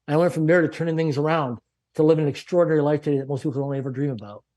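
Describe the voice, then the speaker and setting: A man's voice: fairly high pitch, racing, darkish tone. Emphatic man telling his story. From Canada. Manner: emphatic, punchy lists, acts out quoted dialogue. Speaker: guest. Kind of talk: energetic motivational storytelling.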